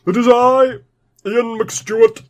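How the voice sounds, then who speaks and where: An actor playing a pompous, vain old stage actor who talks in an exasperated, theatrical way in a comedy sketch. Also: male voice, very high voice, steady tone, slow pace, a little hiss or hum. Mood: grandiose.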